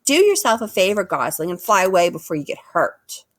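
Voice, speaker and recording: A woman's voice: lowish voice, sing-song, brisk, fairly bright tone, no room sound, clean studio sound. A woman voicing a bossy, sarcastic young female bear who snarls her threats.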